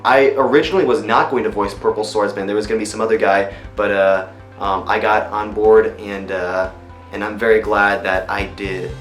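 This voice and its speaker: A man who works as a voice actor chats loosely about his roles in a behind-the-scenes interview, often pausing on ums and you-knows. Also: on the low side, a bit bright. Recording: roomy room echo. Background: faint music.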